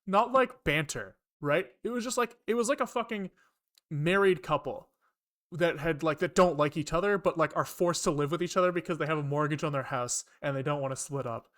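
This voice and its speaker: High-voiced man ranting casually while coding. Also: fairly quick. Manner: chatty, profane, animated ranting. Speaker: programmer streamer. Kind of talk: casual live coding stream chat.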